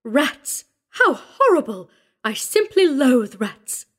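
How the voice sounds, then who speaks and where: A male narrator voicing a nervous, fussy titled lady who is easily frightened, in a shrill, squealing voice. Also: big pitch swings, slow, fairly bright tone, heavily acted. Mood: horrified.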